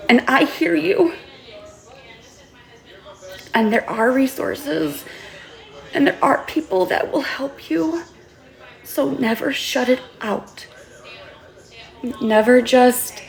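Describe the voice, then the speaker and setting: A woman vlogging an impassioned, tearful monologue as an author, pleading earnestly and sometimes swearing, with halting restarts. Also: sits high, vocal fry. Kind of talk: emotional vlog monologue.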